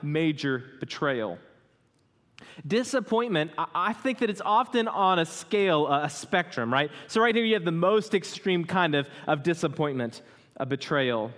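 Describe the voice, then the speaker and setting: Pastor preaching in a reverberant hall. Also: male voice, high voice, fairly bright tone. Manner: conversational, asks the congregation questions. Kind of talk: sermon.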